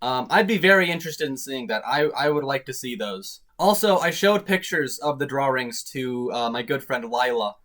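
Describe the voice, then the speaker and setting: A man's voice: medium pitch, animated, moderate pace, hardly any pauses, fairly bright tone. A young man talking casually to camera in a rambling, self-deprecating vlog monologue. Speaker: YouTube vlogger.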